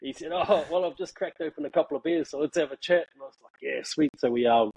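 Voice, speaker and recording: A man tells a story in a loose, slangy way, breaking into laughter often and calling his listener "bro". His voice sits a little high for a man and has a husky edge. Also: fast talker, a little mellow, poor audio. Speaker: guest. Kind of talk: casual storytelling chat.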